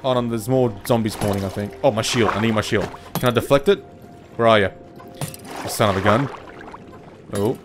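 Excitable man, panicky game commentary. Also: on the low side, brisk, pauses often. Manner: excitable, panicky, swears often. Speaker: gaming video host. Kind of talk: let's play commentary. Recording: game music playing behind. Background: game music and water sounds.

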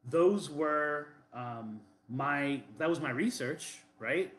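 A man's voice: fairly high pitch, slow, a bit bright, roomy sound. A man from Boston co-hosting a casual chat show, talking in a rambling, defensive way with many fillers and restarts. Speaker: podcast co-host.

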